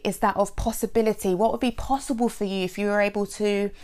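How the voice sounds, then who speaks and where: A woman's voice: mid-range voice, gravelly. A woman hosting an unscripted solo podcast as a coach, talking in a heartfelt, emotional and rambling way with many fillers. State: sore throat lately.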